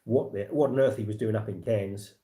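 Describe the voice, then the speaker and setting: A man's voice: on the low side, fairly quick, mellow. Chatty Englishman hosting a livestream. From England. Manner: chatty, rambling, lots of fillers and restarts. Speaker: livestream host. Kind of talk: casual livestream chat.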